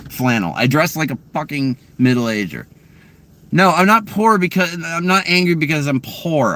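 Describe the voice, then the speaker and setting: Sitting in his car, a man answers live chat questions in an angry, profane rant that lurches from loud outbursts to low muttering.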